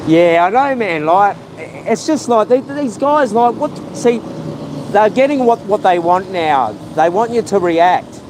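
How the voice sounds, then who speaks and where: Outdoors on a street with faint traffic behind him, a young Australian vlogger rants heatedly on a live stream. His high voice has lively intonation at a measured pace, and he's emotional and agitated, repeating himself as he vents.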